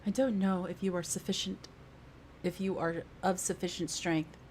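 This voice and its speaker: A woman's voice: on the low side, fairly even intonation, normal speed, darkish tone, a little hiss or hum, natural voice. A woman voicing a stern adult woman adventurer in a put-on British accent, reading game dialogue in a formal, declamatory way. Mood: resolute.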